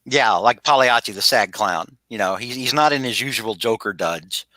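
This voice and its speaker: Man, podcast host, casual rambling recap, bright tone, dry sound. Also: on the low side, normal speed, no room sound. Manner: rambling, many fillers and restarts. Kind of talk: casual comic-book recap. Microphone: video call.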